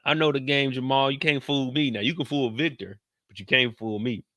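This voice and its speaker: Male recap host, unhurried, slangy storyteller, crisp edge, no room sound. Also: mid-range voice, no room sound. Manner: slangy, animated, quotes characters in put-on voices; talks slower than in his live streams.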